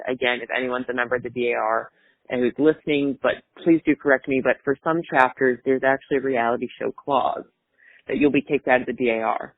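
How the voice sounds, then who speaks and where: A man's voice: mid-range voice, no echo. A man hosting a podcast in casual chat, rambling and chatty with fillers, over a tinny phone-like line. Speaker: podcast host.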